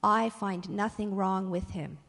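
A woman's voice: medium pitch, a little slow, a bit bright, in a large hall. A woman voicing an uneasy, impatient Roman governor in a scripture reading, with a raised, questioning tone. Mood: pressing.

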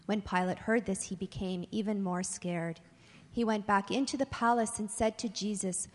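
A woman's voice: mid-range voice, steady tone, moderate pace, a little mellow. Woman reading scripture in an echoing hall. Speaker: scripture reader.

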